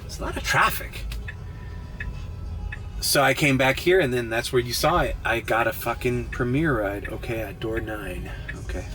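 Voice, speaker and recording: A man's voice: mid-range voice, normal speed, few pauses, a bit bright. A man vlogging casually from inside his car as a rideshare driver, rambling, swearing and laughing a lot. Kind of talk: casual vlog while driving.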